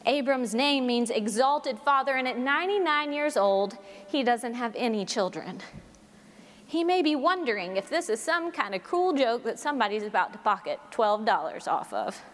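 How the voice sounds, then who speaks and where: A woman preacher delivers a sermon, reading scripture and spinning stories at a measured, expressive pace. Her voice sits fairly high, and a long reverb trails her words through the large hall.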